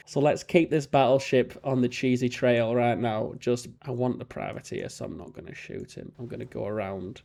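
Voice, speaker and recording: A man's voice: steady tone, normal speed, vocal fry, hardly any pauses, dark tone. Chatty man commentating a game. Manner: chatty, self-mocking, jumps into silly high voices. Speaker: let's play host. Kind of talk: casual gameplay commentary.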